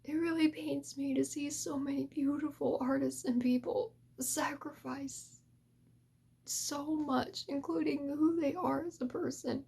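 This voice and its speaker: A woman's voice: sits high, steady tone, unhurried, gravelly, dark tone. A woman hosting an ASMR channel gives an earnest, emotional talk to creators and drifts in and out of a whisper. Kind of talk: soft-spoken heartfelt talk to creators.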